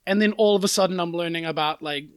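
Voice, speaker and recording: A man's voice: high voice, fast talker, smooth, no echo, clean studio sound. A man in his thirties, a comedian guest on a podcast, talking in a wry, self-deprecating way. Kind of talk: casual chat.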